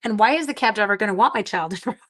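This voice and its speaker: This is a middle-aged woman hosting a craft-along livestream on little sleep, chatting away to viewers as she works. She talks very fast in a mid-range voice with a fairly bright tone.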